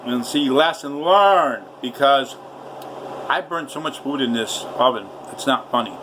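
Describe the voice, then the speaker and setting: A man's voice: medium pitch, unhurried, far from the mic, noisy background. A man telling a rambling, profane story in his home kitchen while cooking. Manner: profane, loud ranting storyteller.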